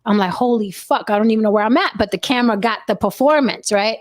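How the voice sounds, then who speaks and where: A woman telling a wild personal story in casual chat, profane and animated. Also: on the high side, fast talker.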